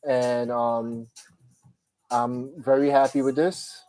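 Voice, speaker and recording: A man's voice: medium pitch, flat delivery, slow, darkish tone, poor audio. A man hosting a podcast live stream, chatting casually and rambling with many "um" fillers, sounding tired. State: tired, yawning. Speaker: podcast host.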